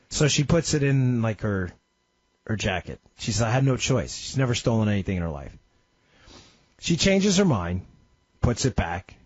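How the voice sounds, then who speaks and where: A man's voice: husky, no echo. A man hosting a talk radio show, telling a story emphatically and sounding slightly ill. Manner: emphatic storytelling with sudden pitch swings. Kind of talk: impassioned talk radio monologue. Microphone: studio microphone. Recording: dry, slightly dull radio studio audio.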